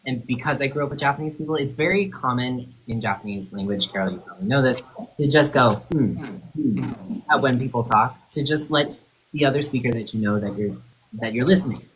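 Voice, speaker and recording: A man hosting a casual group chat over a video call, animated and often laughing. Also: mid-range voice, fast, a little hiss or hum, low-quality recording. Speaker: host.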